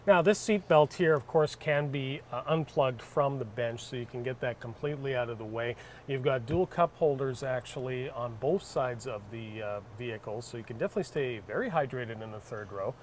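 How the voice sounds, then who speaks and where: A man's voice: medium pitch, moderate pace, a little hiss or hum. Joking Canadian man reviewing a car. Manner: jokey, animated asides. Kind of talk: casual banter reviewing a vehicle.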